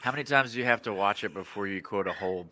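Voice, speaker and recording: A man's voice: fairly low pitch, fast talker, sharp tone. A man on a video call making dry, teasing wisecracks. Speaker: comedian, regular panelist. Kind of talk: casual comedy banter.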